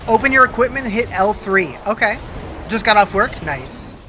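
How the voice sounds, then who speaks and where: Hiccuping streamer, bright crisp tone, mid pitch, loose chatty chat-reading delivery. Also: a little fast, slight background noise. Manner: chatty, answers chat questions with many restarts. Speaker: game streamer. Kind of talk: casual live-stream chat, reading viewer comments.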